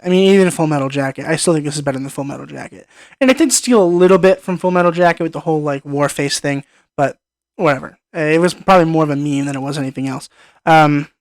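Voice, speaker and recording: A young man gives a casual film review monologue, enthusiastic and rambling and often repeating his words. His voice is a little high, and there's no room sound.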